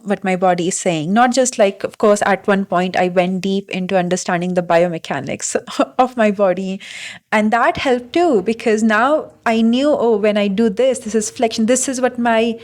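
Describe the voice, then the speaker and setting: Young woman, reflective solo vlog, halting delivery with frequent fillers, medium pitch. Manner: thoughtful, halting, many fillers and restarts. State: briefly emotional. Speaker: vlogger. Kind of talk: reflective casual monologue.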